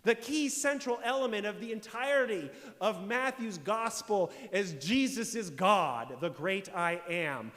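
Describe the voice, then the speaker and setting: A man's voice: sits high, expressive, a little slow, few pauses, fairly bright tone, long reverb tail. A man preaching a sermon as pastor, explaining scripture emphatically and posing rhetorical questions. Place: church sanctuary.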